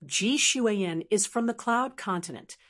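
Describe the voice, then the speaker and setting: A woman's voice: medium pitch, a little slow, close to an everyday voice. A woman voicing a hesitant, flustered young male commander who stammers as he explains. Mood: wry.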